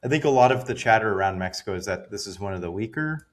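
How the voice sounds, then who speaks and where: A man's voice: on the low side, fast talker. A man co-hosting a sports podcast, giving bold, jokey takes in casual chat. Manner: animated, jokey, bold opinions. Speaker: podcast co-host.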